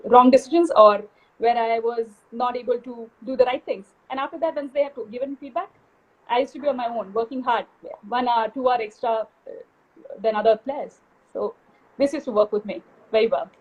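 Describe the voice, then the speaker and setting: A woman with a high, breathy-husky voice talks candidly and confidently as an interview guest. Her speech comes through a dull, lo-fi video call line. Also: fairly quick. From India. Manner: candid, self-assured, laughs easily. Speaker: guest basketball player. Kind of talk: live video chat interview.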